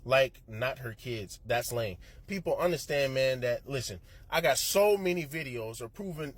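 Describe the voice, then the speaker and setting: A man's voice: fairly high pitch, breathy edge, no echo. A man hosting an opinionated reaction commentary, preaching emphatically straight to his viewers. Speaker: commentary show host.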